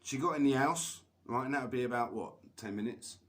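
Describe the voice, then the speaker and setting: A man's voice: mid-range voice, a little fast. A man telling a long rambling story on a live stream, swearing constantly and laughing between lines. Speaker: livestreamer.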